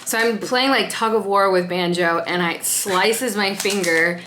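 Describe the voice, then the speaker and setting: Speaking a little slowly in a pushed, bright voice of medium pitch, she tells chatty stories in a casual vlog, laughing often and using many fillers. The recording has room echo and faint background noise.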